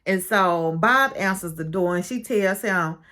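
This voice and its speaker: A woman casually recapping a show's episode, chatty and expressive, acting out what each person said. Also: mid-range voice, a little slow. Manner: chatty and expressive, calls listener "baby"; retells scenes with quoted dialogue. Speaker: show recap reviewer.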